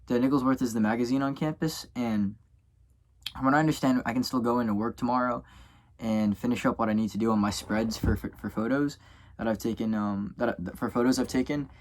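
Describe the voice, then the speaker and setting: A man's voice: mid-range voice, normal speed. A young man from Louisiana, a college student vlogging to camera in a rambling, tired way, full of fillers and self-corrections. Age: young adult. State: tired and yawning. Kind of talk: casual vlog talk to camera.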